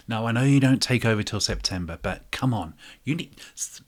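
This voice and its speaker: A man at a middle pitch, speaking a sarcastic open letter straight to the listener. He swings between mock-dramatic declarations and hushed, whispered asides. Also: normal speed. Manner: sarcastic, addresses listener directly. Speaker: channel host.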